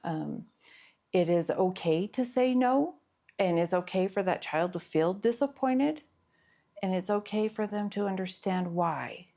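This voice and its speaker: A middle-aged woman therapist giving an earnest, explanatory talk on parenting, with pauses and fillers. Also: medium pitch, expressive, gravelly, dark tone. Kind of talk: educational talk to camera.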